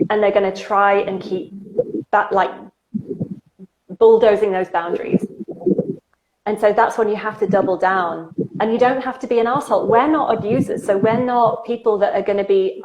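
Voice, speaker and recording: A woman's voice: mid-range voice, lo-fi sound. A woman co-hosting a casual conversation, speaking emphatically and swearing when heated. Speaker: co-host. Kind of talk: casual chat. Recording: noisy background.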